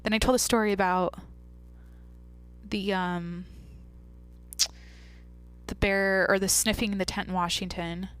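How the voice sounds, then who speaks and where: A woman's voice: mid-range voice, steady tone, a little slow, long pauses, clear, resonant tone. A young woman hosting a podcast, talking candidly in a rambling, casual way with lots of "like". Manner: rambling, candid, heavy use of "like". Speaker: podcast host. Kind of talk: casual monologue.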